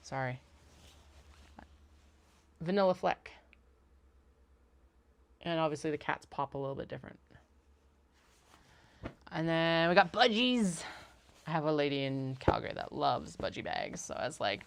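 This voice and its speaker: Give me a rambling, chatty woman with a low, gravelly voice. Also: lively intonation, moderate pace, long pauses. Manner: chatty, rambling, laughs often. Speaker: craft business owner. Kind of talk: casual livestream chat.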